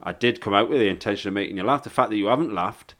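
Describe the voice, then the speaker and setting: A man's voice: fairly low pitch, rapid-fire, a bit bright. A middle-aged man, a stand-up comedian, chatting casually in a blunt, laid-back, sweary way. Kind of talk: casual podcast chat.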